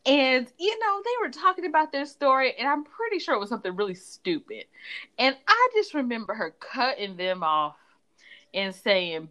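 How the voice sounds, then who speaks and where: Animated laughing woman co-host. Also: fairly high pitch, a little fast. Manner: animated, laughs often, Southern-style "y'all". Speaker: podcast co-host. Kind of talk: casual chat.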